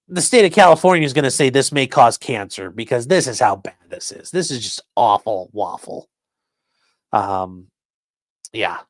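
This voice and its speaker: A livestream host from a rural area talks casually and sarcastically at a middle pitch, mocking people and reading viewer comments aloud with profane asides. His voice is recorded close and dry, with no room sound.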